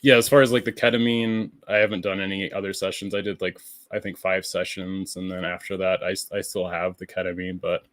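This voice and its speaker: A man speaking as a podcast guest, relaxed and thoughtful, with plenty of "like" and "you know". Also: low voice, fairly quick, few pauses, no room sound. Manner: relaxed, thoughtful, many fillers. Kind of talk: casual chat.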